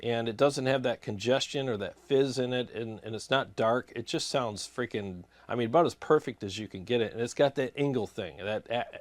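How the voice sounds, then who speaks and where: Man host answering comments, loose and rambling, dry close recording, mid pitch. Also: moderate pace, few pauses, no echo. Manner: casual, rambling, with many fillers and restarts. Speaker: guitar gear channel host. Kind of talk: casual chat answering viewer comments.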